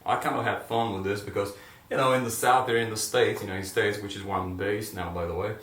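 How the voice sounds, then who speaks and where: A man's voice: fairly low pitch, fairly even intonation, a little fast, fairly bright tone. A man teaching a grammar lesson in a classroom, explaining step by step and checking in often with "right?" and "okay?". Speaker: Spanish teacher. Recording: echoey room, mic at a distance.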